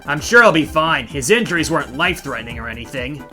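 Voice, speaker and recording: A man voicing a cocky male alien creature with a gruff, dismissive manner. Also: a little high, lively intonation, fast, bright, forceful tone, soft background music.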